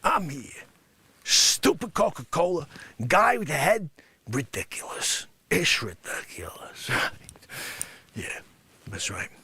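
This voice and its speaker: A blustering loudmouth at a coffee counter, put on by a man. His voice is high, bright and gravelly, with a husky edge. It lurches from grumbling under his breath to full-throated yelling. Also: very animated, slow pace, long pauses, no room sound, exaggerated voice. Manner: brash, blustering, swings from muttering to shouting.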